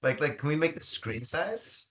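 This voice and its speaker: Man, podcast host, from Michigan, casual chat, animated, slightly high, bright. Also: moderate pace. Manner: animated storyteller.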